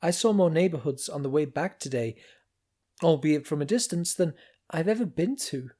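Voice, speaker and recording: A man's voice: a little high, animated, normal speed, dark tone, voice pushed up. A man voicing a weary, earnest male worker who halts while he confesses.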